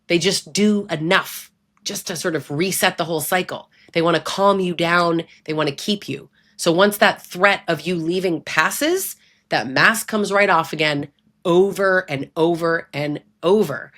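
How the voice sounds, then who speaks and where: A woman's voice: fairly low pitch, a little slow, a bit bright. A woman giving blunt, emphatic advice straight to the listener, conversational and often checking in with "right?". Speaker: relationship abuse educator. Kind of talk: direct-to-camera advice talk.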